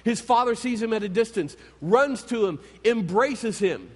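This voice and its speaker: A man preaching a sermon, retelling scripture stories in an animated storytelling manner. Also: high-pitched, moderate pace, slightly rough. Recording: long hall reverb.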